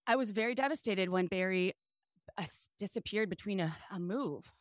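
A woman guest on a podcast, telling candid stories in a raspy voice, open and animated in a casual chat. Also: mid-range voice, normal speed, no room sound, clean studio sound.

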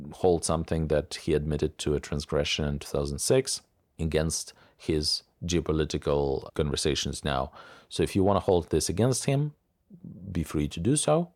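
Middle-aged man, very deep bass voice, dry close recording, measured and opinionated commentary. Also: a little mellow, no room sound. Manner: deliberate and opinionated, often repeats words as he talks. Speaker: commentator reviewing media sources. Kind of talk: unscripted monologue commentary.

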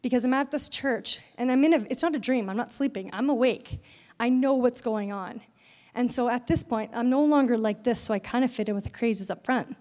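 High-voiced woman telling a church story. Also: fairly quick, in a large hall. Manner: animated storytelling, acting out voices in quotes. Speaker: speaker at a church event. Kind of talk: conversational sermon with personal story.

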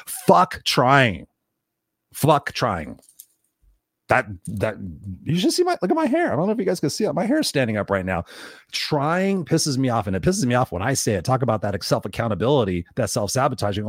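A man's voice: medium pitch, very animated, brisk, no echo, clean studio sound. A man hosting his own show, giving an unscripted motivational talk, blunt and swearing often, acting out the people he quotes. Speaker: podcast host. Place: Los Angeles.

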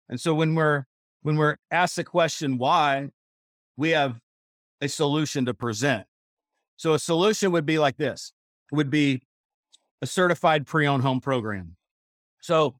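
A man's voice: on the high side, no room sound. Emphatic male sales coach, dry sound. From Missouri. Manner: emphatic, repetitive, self-correcting. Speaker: real estate sales coach. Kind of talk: seminar teaching. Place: seminar room.

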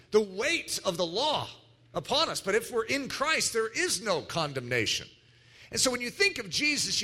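A man preaching a sermon, emphatic and animated, acting out little quoted voices as he teaches. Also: sits high. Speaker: pastor.

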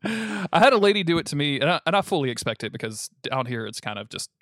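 A man's voice: fairly high pitch, sing-song, quick pace, fairly bright tone, no room sound, studio quality. A young adult man from the Southern United States co-hosting a podcast, telling stories casually and swearing freely. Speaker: podcast co-host. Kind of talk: casual chat.

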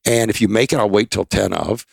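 A man's voice: lowish voice, fairly even intonation, fairly quick, creaky, husky, dry recording. An older man, a podcast guest, telling rambling, emphatic anecdotes in a casual interview. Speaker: expert guest.

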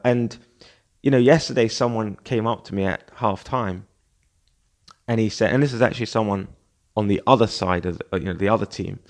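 A man hosting a solo podcast, talking in a casual, animated, rambling way with many fillers and restarts. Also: lowish voice, moderate pace. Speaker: podcast host.

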